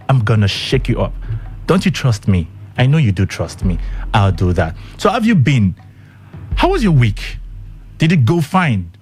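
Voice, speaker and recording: A man with a lowish, darkish voice hosts a radio show from the studio, mixing easygoing chat with a news rundown. His manner is chatty and direct, full of rhetorical questions to listeners and frequent ums.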